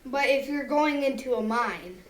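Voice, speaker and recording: Eager woman player at a tabletop game, kinda high voice. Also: animated, moderate pace, crowd noise. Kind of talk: tabletop game play, casual chat.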